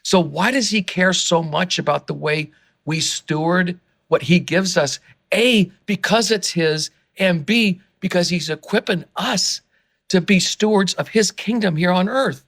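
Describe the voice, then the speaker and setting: A man talks as a guest on a podcast interview, with a somewhat high voice. He is earnest and passionate and easily gets worked up. His sentences tumble out with restarts and repeated words. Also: a little slow, fairly bright tone. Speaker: interview guest, fundraising consultant.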